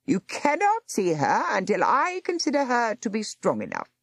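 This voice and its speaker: A woman's voice: mid-range voice, wildly swooping pitch, normal speed, slightly rough, dry recording, clean studio sound, pitched above the performer's own voice, exaggerated voice. A woman voicing a hostile nurse who snaps short, curt answers. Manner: curt, snapping. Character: sharp-tongued hostile nurse, woman, cold and snappish.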